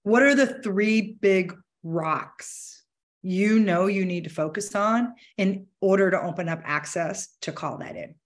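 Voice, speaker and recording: A woman giving a motivational talk to a business networking group, energetic and candid, with casual swearing. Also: medium pitch, measured pace. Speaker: motivational speaker. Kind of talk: conversational keynote talk.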